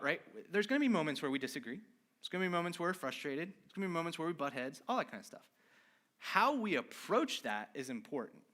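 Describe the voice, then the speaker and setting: A male pastor giving an informal, conversational sermon, animated and candid about his own failings, often checking in with "right?". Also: medium pitch.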